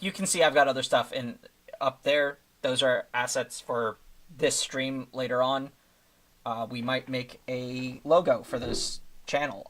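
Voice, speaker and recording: A man's voice: medium pitch, fairly bright tone. Casual male streamer, mid-range voice, talks his way through the work, loose and rambling. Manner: rambling, thinking aloud with many fillers. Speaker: streamer making thumbnails. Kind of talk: casual live-stream commentary.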